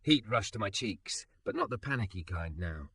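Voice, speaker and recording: A man narrating a first-person story with an expressive, emotional delivery. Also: fairly low pitch, normal speed, creaky, slightly rough, dry recording.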